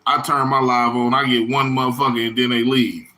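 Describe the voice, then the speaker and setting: A man's voice: mid-range voice, flat delivery, fairly quick, sharp tone. A man hosting his own livestream in a loose, rambling, profane way, full of slang and answering viewers' chat comments by name. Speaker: livestream host.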